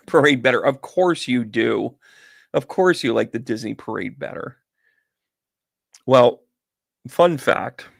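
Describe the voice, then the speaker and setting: A man talks casually to his viewers, chatty and animated, with a chuckle never far away. His voice has a rough, gravelly texture at a middling pitch. The sound is close and dry with no room echo. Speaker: host and medium. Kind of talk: casual livestream chat.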